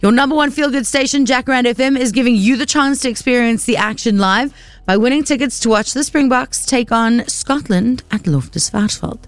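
A woman's voice: on the high side, brisk, no echo. A woman presenting on the radio, chatty and playful with rambling asides. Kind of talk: casual radio chat. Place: radio studio. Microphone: studio microphone.

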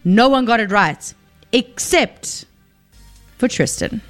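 A woman's voice: a little high, lively intonation, slow, a bit bright, faint music behind. Chatty South African radio presenter woman. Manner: chatty, playful, teasing. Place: radio studio. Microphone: studio microphone.

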